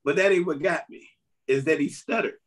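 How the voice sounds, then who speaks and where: A male comedian appears as a podcast guest, chatting casually and animatedly about how his jokes work and laughing through his stories. His voice is a little high, fairly bright, and fairly quick.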